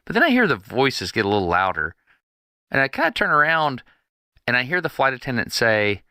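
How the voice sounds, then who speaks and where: A man's voice: mid-range voice, sing-song, brisk, bright, forceful tone, dry recording, clean studio sound. A man co-hosting a podcast, telling a story in casual chat and acting out the people in it. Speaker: podcast co-host.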